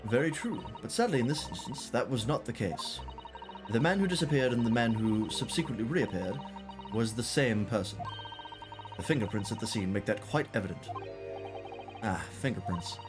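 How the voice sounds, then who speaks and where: A man's voice: medium pitch, expressive, normal speed, over music, natural voice. A streamer voicing a cold, curt woman forensic scientist in a detective game. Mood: frosty, curt. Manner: curt, frosty.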